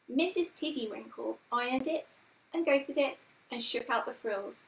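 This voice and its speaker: A woman reading a children's storybook aloud in a gentle, measured way. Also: a little high, roomy sound, poor audio.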